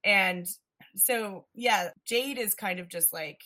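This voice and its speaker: A woman in casual conversation about a film, animated, often slipping into quoted lines from the characters. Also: mid-range voice, takes it slowly.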